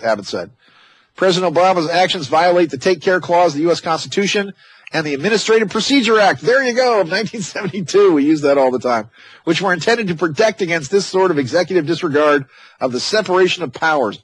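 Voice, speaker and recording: A man's voice: fairly high pitch, husky, no room sound, low-quality recording. A man hosting a talk radio show, reading news items and breaking in with sarcastic, mocking asides. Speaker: radio host. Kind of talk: opinionated talk radio commentary.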